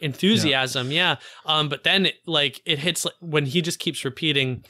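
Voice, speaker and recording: Guy co-hosting a podcast, bright fairly high voice, gushing and casual. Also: normal speed, few pauses, no echo. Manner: enthusiastic, heavy on "like" fillers. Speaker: podcast co-host. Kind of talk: casual film discussion.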